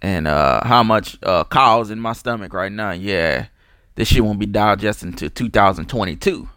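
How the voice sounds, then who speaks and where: Rambling New man, low dry voice. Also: normal speed, pushed and bright, smooth, no room sound. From New Orleans. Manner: loose, profane, digressive, many restarts and fillers. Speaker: podcast host. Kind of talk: casual rambling monologue.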